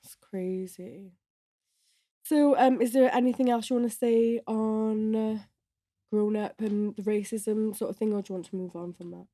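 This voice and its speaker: A woman hosting a podcast, asking gentle, supportive questions with some ums. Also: fairly high pitch, steady tone, normal speed, no echo, clean studio sound. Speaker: podcast host. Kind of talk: interviewing.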